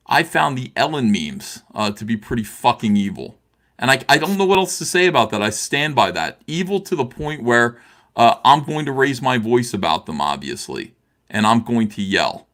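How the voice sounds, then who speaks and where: Gravelly impassioned middle-aged man. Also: medium pitch, lively intonation, normal speed, fairly bright tone. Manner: impassioned, repetitive, restarts with many "uh"s. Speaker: livestream guest. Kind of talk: heated livestream talk.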